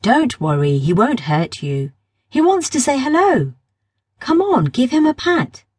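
A woman's voice: sits high, big pitch swings, a little slow, darkish tone, husky, no room sound, voice pushed up, exaggerated voice. A woman narrator voicing a cheeky, mischievous red-haired boy who teases and grins, in a children's audiobook. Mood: cheerful. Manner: playful, teasing.

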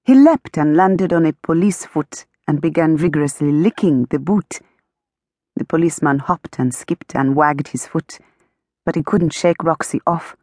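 A woman narrating an audiobook in a steady storytelling manner, lightly amused. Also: low-pitched, breathy edge, dry recording, clean studio sound.

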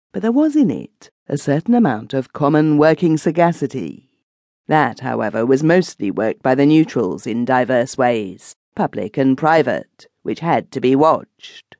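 A woman voicing a thoughtful man who tells a grim tale in a measured, sober way. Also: a bass voice, darkish tone, dry recording, exaggerated voice.

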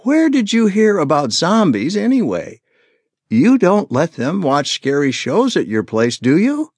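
A male audiobook narrator voicing a caring, anxious young mother in a soft, raised voice. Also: fairly high pitch, huge pitch swings, a little slow, slightly rough, no room sound, voice pushed up, heavily acted. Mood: reassuring. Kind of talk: audiobook character voice.

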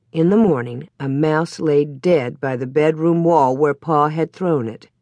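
Expressive woman reading a storybook. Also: lowish voice, no echo. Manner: expressive storytelling, lively cadence. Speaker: audiobook narrator. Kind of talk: scripted narration.

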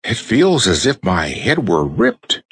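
A man voicing a cheerful, earnest rag doll girl who leads her friends, in a bright, eager storybook voice. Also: on the low side, huge pitch swings, slow, slightly rough, voice pushed up, exaggerated voice. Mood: thoughtful.

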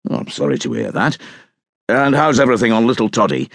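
A man's voice: medium pitch, sing-song, quick pace, gravelly, a bit bright, no echo, studio quality, full character voice. A man voicing a cheerful middle-aged soldier who talks in a hearty, jovial way.

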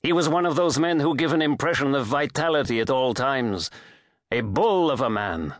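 A man's voice: mid-range voice, lively intonation, normal speed, no echo, studio quality, lightly acted. A male narrator voicing a watchful, polite hotel clerk in an audiobook, speaking deferentially and addressing the guest as sir. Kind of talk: audiobook character voice.

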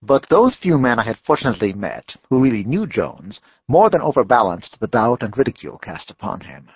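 A man narrating a western novel as an audiobook, in a measured storytelling manner. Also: mid-range voice, sing-song, slightly rough, dry recording, lo-fi sound.

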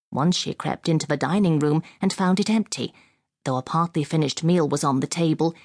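Woman audiobook narrator, low voice, measured storytelling, dry close studio sound. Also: gravelly, darkish tone, husky, no room sound. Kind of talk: scripted narration of a classic novel. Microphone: close studio mic.

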